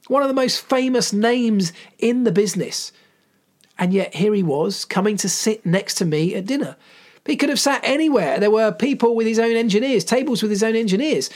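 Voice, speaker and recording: A middle-aged man, a former mechanic, telling a personal story in an earnest, emphatic way and repeating phrases for weight. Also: sits high. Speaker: former Formula One mechanic.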